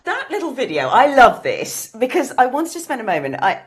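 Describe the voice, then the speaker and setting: A woman's voice: a little high, huge pitch swings, a little fast, background noise. A woman hosting an interview, chatting about the clip she watched. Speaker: interview host.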